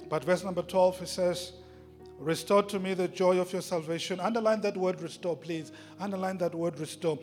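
Male preacher, high voice, fiery and repetitive, in a reverberant hall with faint music under him. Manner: impassioned, repetitive preaching with loud peaks and soft asides. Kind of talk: sermon.

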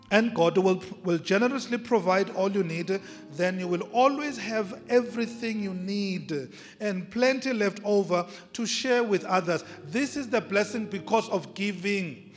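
A male pastor preaching a sermon with emphasis, repeating key phrases and drawing out words. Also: sits high. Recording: long reverb of a large hall, faint music.

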